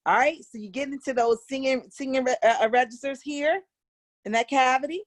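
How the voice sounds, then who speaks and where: A middle-aged woman with an American accent teaching a casual voice lesson, animated and coaxing, chatting straight to her students. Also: high voice, fairly quick. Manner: animated, coaxing, demonstrates exercises aloud. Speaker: vocal coach.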